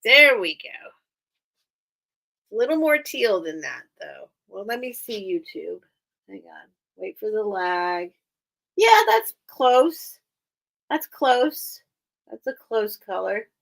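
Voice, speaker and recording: Slow, gravelly-voiced woman chatting. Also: medium pitch, lively intonation. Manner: chatty, rambling, giggles often. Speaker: online seller hosting a live sale. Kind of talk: casual live-stream sales chat.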